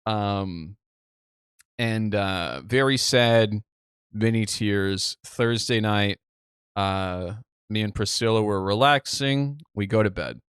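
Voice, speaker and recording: A young man from the Midwest telling a story on a podcast in a casual, animated way, swearing freely and acting out what people said. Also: on the low side, slow pace, smooth, no echo, clean studio sound. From Midwest United States. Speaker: podcast co-host.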